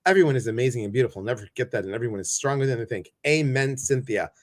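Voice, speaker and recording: A man's voice: mid-range voice, expressive, racing. A man hosting a live stream, chatting casually and greeting viewers one by one by name.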